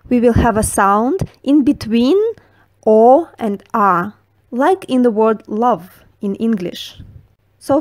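Slow, careful woman teaching diction. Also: fairly high pitch, a little mellow, no echo. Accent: Russian. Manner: slow, precise, carefully enunciated. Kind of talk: scripted tutorial narration.

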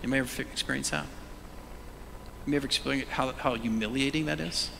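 A middle-aged male pastor preaching a sermon, animated, moving between loud calls and hushed whispers and prompting the congregation to say words aloud. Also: medium pitch, quick pace, vocal fry, a little hiss or hum. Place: church sanctuary. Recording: long church reverb.

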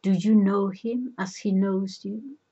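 A woman voicing a proud, demanding king in a storybook reading, with a husky voice. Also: medium pitch, fairly even intonation, slow, warm tone, dull audio. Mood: questioning. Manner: demanding, commanding.

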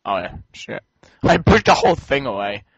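A young man playing a video game with a friend, chatting casually, excitable and swearing as he cheers the game on. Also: medium pitch, moderate pace, husky, no echo. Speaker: game co-player. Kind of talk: casual let's-play chat. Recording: dull lo-fi dry home recording.

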